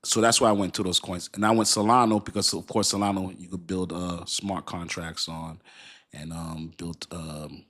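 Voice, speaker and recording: A man in his fifties hosting a casual crypto livestream, talking in an animated, repetitive, slangy way and laughing often. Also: low-pitched, moderate pace. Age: 50s. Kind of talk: casual live-stream talk.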